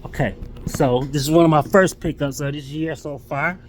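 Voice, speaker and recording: A man talking casually in a vlog as he shows off his new sneakers, relaxed and loose, often repeating words as he goes. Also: fairly high pitch, moderate pace, a little hiss or hum. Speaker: sneaker collector showing his pickups.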